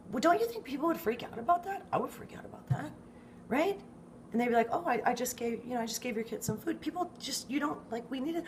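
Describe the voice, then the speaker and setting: Exasperated woman ranting with lively swearing. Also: on the high side, slight background noise. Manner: exasperated, animated, repeats "okay?", swears freely. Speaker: vlogger, dog owner. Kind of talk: casual storytelling rant.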